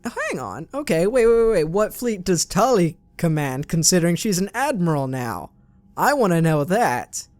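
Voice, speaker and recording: A man's voice: high voice, big pitch swings, moderate pace, dry recording. A man hosting a let's play, chatting casually and reading in-game messages aloud with his own asides. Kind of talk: casual gameplay commentary.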